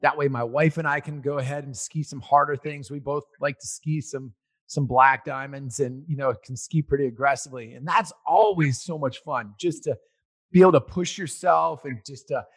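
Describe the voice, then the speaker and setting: A man in his forties telling a personal story in a casual, rambling way, getting loud and animated as he relives it. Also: medium pitch, moderate pace.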